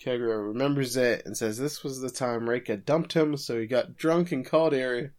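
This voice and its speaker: A man's voice: mid-range voice, fairly quick. A man co-hosting a podcast, casually recapping an anime episode with frequent chuckles. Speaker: podcast co-host.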